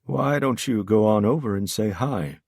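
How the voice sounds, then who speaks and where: A wry, fatherly older man teases a younger one in a deep, low voice, as a male narrator puts him on. The reading is close and dry, with no room sound. He speaks in an easy, knowing way. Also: moderate pace, vocal fry, darkish tone, dry recording. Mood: teasing.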